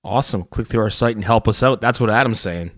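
A man's voice: fairly low pitch, fast talker, a bit bright, no room sound, studio quality. A man co-hosting a podcast in casual chat, joking and boastful in his banter. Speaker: podcast co-host.

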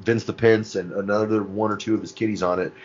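A man's voice: lowish voice, fairly even intonation, dull audio. A man in casual podcast chat who swears, laughs a lot and recounts scenes. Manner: laughing, profane, retells scenes by doing quick voices.

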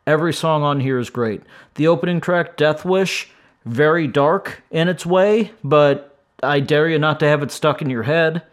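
A middle-aged podcast host from St. Louis, United States, reviews albums on his music show in a casual, enthusiastic, rambling style. He sounds tired and stops now and then to chuckle. His pitch is fairly high and his pace moderate.

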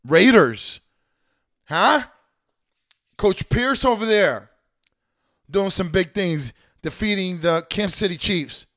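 A man's voice: sits high, takes it slowly, long pauses. A man hosting a fantasy football league recap, talking casually with sarcastic, profanity-heavy rants about the teams and players. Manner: animated, swears a lot, sarcastic rants. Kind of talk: casual profane sports commentary.

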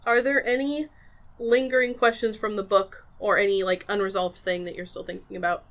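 A woman hosting a casual book club chat, talking in a chatty, animated way with lots of filler words. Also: medium pitch, a little fast. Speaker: book club podcast host.

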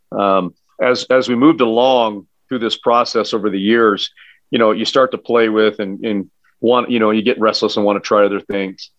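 A man, a high school football coach, telling stories in a casual podcast chat, earnest and emphatic with frequent restarts. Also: no room sound. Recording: dull, dry lo-fi sound.

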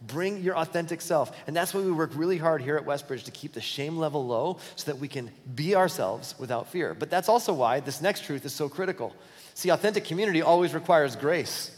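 Guy preaching a sermon, chatty and honest, bit high-pitched, lots of hall echo. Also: animated, a little fast. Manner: conversational, candid storyteller with restarts. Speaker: pastor.

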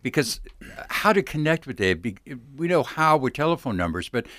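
A man's voice: mid-range voice, big pitch swings, moderate pace, fairly bright tone, dry recording, clean studio sound. A man hosting a Christian radio talk show, speaking earnestly and emphatically about recovery and faith. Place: radio studio.

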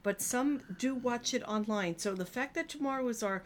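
A woman from the class chatting casually with the teacher, answering softly and agreeably. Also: fairly high pitch, normal speed, a little hiss or hum. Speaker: class member. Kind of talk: casual chat.

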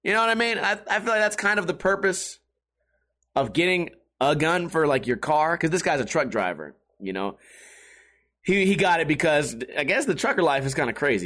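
A man chatting casually with his viewers, rambling and swearing as he tells animated stories. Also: medium pitch. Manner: profane, animated storytelling. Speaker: skateboarding streamer talking to his viewers.

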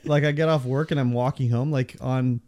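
A man's voice: medium pitch, fairly even intonation, a little fast, dark tone. A man co-hosting a podcast, laid-back and swearing casually as he tells stories. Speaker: podcast co-host. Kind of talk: casual chat.

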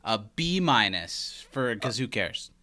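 A man's voice: medium pitch, very animated, slow pace, pushed and bright. A young man co-hosting a podcast, chatting casually with dry, joking remarks. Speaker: podcast co-host. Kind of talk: casual chat.

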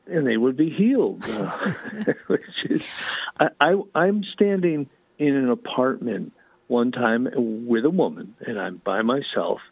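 A man's voice: medium pitch, a little slow, gravelly, breathy edge, dry recording, narrow, tinny audio. A man, a guest on a talk show, telling earnest stories and acting out what people said. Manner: earnest, animated storyteller who acts out quotes. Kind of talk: storytelling in a talk show interview.

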